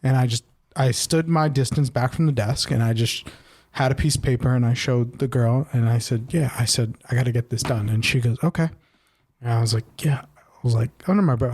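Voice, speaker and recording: A man's voice: medium pitch, fairly quick. A man co-hosting a podcast, telling a long personal story in casual chat and tagging on "right?" a lot. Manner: animated, repeats "right?" often, acts out quoted voices. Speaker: podcast co-host.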